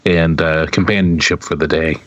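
A man's voice: rumbling low, fairly even intonation, moderate pace, fairly bright tone, no echo. A man in laid-back casual chat, calling people man and dude. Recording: dull lo-fi sound.

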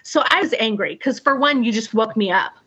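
An animated middle-aged woman recounting a story in casual, profane talk, acting out bangs and voices as she goes. Her voice sits a bit high for a woman. The recording is dull and lo-fi. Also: fairly quick, slightly rough. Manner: animated, acts out sounds and quotes, swears freely. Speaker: guest telling a personal story. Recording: dull lo-fi sound.

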